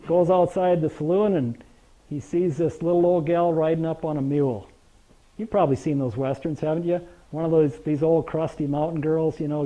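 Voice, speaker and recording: A man's voice: fairly high pitch, mellow. An older man giving a presentation to a live audience, telling folksy stories, joking with the crowd and tossing out rhetorical questions. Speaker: grain marketing presenter. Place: meeting room with an audience. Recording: dull lo-fi recording.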